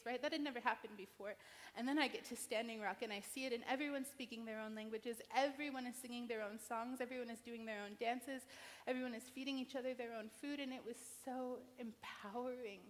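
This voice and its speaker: A woman's voice: fairly high pitch, fairly even intonation, a little fast. An American woman from New Mexico giving a heartfelt personal talk as an invited speaker at an event. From New Mexico, United States. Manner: earnest, heartfelt storytelling. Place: large event hall. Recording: long reverb of a large hall.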